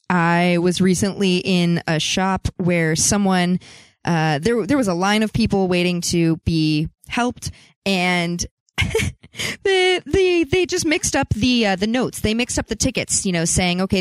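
A woman's voice: on the low side, unhurried, smooth, dry recording. A woman reading news on a talk show who adds her own commentary, tells stories expressively and exclaims and laughs. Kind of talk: chatty news segment with commentary.

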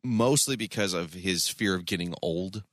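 A man's voice: sits low, normal speed, no echo, clean studio sound. A man co-hosting a podcast, chatting casually with a sarcastic, wry manner. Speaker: podcast co-host. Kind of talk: casual chat.

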